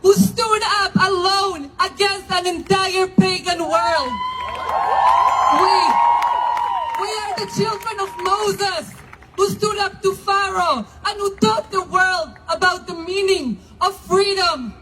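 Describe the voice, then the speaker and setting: A woman's voice: extremely high pitch, slow, a crowd in the background, rough recording. A woman from Argentina, a religious leader giving a fiery, declamatory protest speech at an outdoor rally, hammering repeated refrains.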